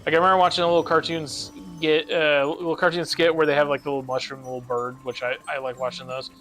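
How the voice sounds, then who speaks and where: Fast-talking, ranting young man streamer. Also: on the high side, level tone, a bit bright, soft background music. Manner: rambling, profane, ranting. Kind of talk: casual gaming stream chat.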